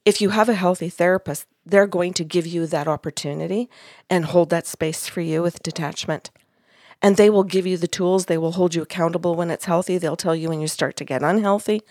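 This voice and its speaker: A woman's voice: fairly low pitch, a little fast, darkish tone, no room sound, clean studio sound. A woman podcast host retelling a session in casual chat, acting out the quoted dialogue.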